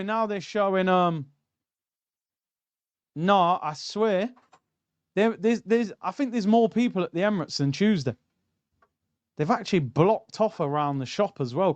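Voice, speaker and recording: A young man hosts a football watchalong, chatting and joking with his viewers. His voice sits a little high and sounds smooth and clear. The sound is dry and close to the mic. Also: no echo, muffled recording. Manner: banter, reacting and reading out chat. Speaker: streamer hosting a football watchalong. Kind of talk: casual live-stream chat.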